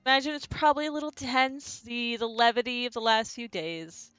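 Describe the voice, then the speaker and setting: A woman narrating as game master of a tabletop role-playing game, relaxed and a little hesitant. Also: on the high side, a little fast, clean tone, dry recording, lo-fi sound, soft background music.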